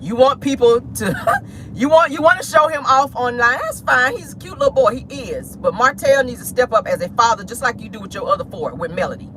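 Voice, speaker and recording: A bright, forceful woman vlogger rants bluntly from her car, her voice swooping up and down as she talks. She is outspoken and profane, jumping into high mocking squeals to imitate others. A faint hum of the vehicle sits under her voice. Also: animated, brisk. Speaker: celebrity gossip vlogger. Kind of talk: blunt, profane ranting commentary. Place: inside a car.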